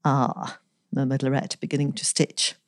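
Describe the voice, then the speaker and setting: A woman reading a story aloud in a measured, gently expressive way, giving the characters light voices. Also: low-pitched, no echo, clean studio sound. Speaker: story reader.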